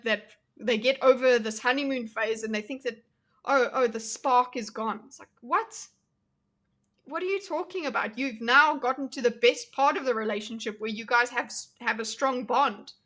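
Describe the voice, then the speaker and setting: A woman's voice: fairly high pitch, steady tone, normal speed, fairly bright tone. A young woman streaming reaction commentary, talking casually to her chat with blunt, mocking asides.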